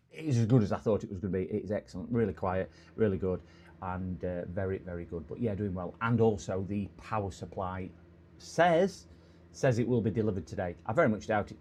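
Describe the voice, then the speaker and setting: Rambling English man, dark low voice. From England. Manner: rambling, jokey, greets chat warmly with bursts of loud hellos. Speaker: repair livestream host. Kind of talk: casual livestream chat.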